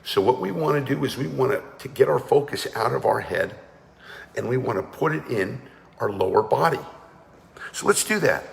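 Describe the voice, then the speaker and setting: In a big-room recording, a man with a mid-range, gravelly voice guides an energy and breathing class. He's expressive and speaks at a moderate pace, taking a commanding tone as an energy awareness coach who firmly urges everyone to participate.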